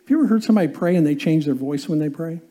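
A man's voice: fairly high pitch, animated, very fast, mellow. A male pastor preaching a sermon in a conversational way, often asking the congregation questions.

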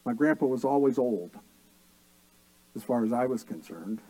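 A man's voice: medium pitch, lively intonation, moderate pace, warm tone, low-quality recording. A middle-aged man, a pastor, preaching a sermon and telling family stories with dry humor.

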